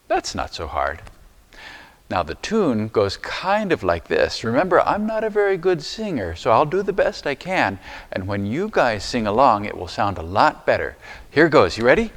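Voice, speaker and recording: A man serving as chaplain, talking gently and encouragingly to preschool children inside a church, using simple words. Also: mid-range voice, big pitch swings, moderate pace. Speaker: chaplain leading children's chapel.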